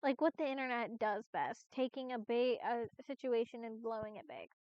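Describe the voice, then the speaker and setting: A woman's voice: fairly high pitch, normal speed, a little mellow, no echo. A woman streamer chatting casually on a live stream, rambling with lots of restarts and fillers and the odd swear. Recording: dull, lo-fi, dry stream audio.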